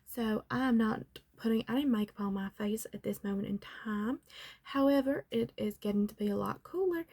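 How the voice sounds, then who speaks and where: A woman in a whispered role-play as a chatty salon makeup artist, putting on a Southern US accent and calling the listener honey and darling. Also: mid-range voice. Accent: put-on Southern US. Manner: drifts between whisper and soft voice. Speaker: ASMR artist as makeup and magic salon worker.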